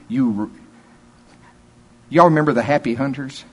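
A man's voice: mid-range voice, moderate pace, long pauses, husky. A man preaching a sermon in a folksy, emphatic, conversational way, reading scripture aloud and then explaining it.

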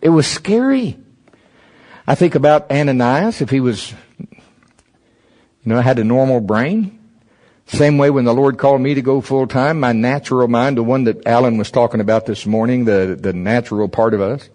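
A man's voice: medium pitch, normal speed, a little mellow. A man preaching a sermon at a church service, conversational and humorous, asking many rhetorical questions.

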